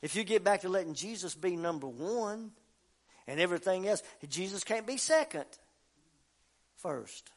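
A man preaching a fervent sermon, swinging between quiet talk and shouting. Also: high voice, expressive, normal speed. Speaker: pastor.

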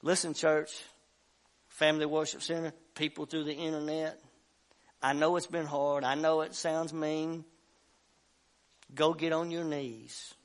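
A man preaching a sermon as pastor of a church, acting out the voices of the story and rising at times to shouts. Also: fairly high pitch, level tone, unhurried, pauses often. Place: church sanctuary.

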